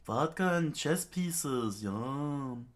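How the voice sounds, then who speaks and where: A man's voice: medium pitch, animated, very slow, pitched above the performer's own voice. A man doing a pompous, gluttonous monster king. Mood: pompous boasting. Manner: boastful, pompous. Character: gluttonous male monster-king who eats anything.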